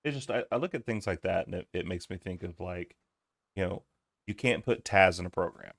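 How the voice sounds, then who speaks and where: A man's voice: sits low, fairly quick, creaky, dry recording. A man co-hosting a podcast, chatting casually through a wrestling recap and quoting lines from the show. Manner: laid-back, quotes lines from the show. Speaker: podcast co-host.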